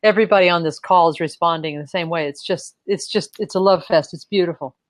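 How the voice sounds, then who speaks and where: A woman's voice: lowish voice, fast talker, no room sound. A woman co-hosting a live audio call, chatty and effusive, a little flustered while handling the tech.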